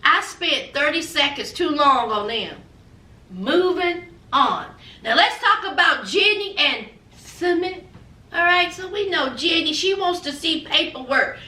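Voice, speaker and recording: A woman's voice: very high-pitched, animated, normal speed, sharp tone. A woman hosting a reality TV recap with sassy, gossipy commentary. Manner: sassy, gossipy, dramatic asides. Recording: echoey room, distance from mic.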